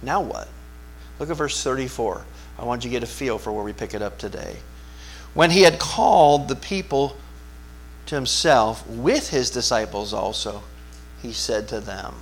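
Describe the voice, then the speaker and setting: A man preaching a sermon as pastor, talking conversationally and asking his listeners questions, swinging from hushed asides to loud, emphatic bursts. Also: medium pitch, slight background noise. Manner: conversational, asks the congregation questions.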